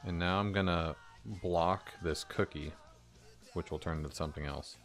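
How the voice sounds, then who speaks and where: A man developing a game on a live stream, talking to himself and swearing casually, his voice a bit hoarse. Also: low voice, fairly even intonation, normal speed, soft background music.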